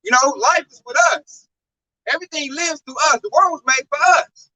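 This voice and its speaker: A man in a casual religious talk, preaching in an animated, profane way. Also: very high-pitched, normal speed, no room sound, rough recording. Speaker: religious talk show speaker.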